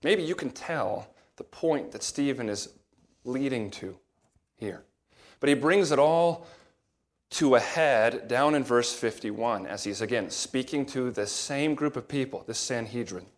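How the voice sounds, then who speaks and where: A man preaching an expository sermon, measured and emphatic, slowing down to stress key words. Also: medium pitch, lively intonation.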